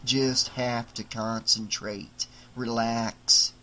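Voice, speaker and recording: A man voicing a small, sinister male killer doll who mutters slowly to himself as he schemes. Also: little pitch movement, bright, forceful tone, slight background noise, poor audio. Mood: scheming. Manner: low, slow, muttering to himself.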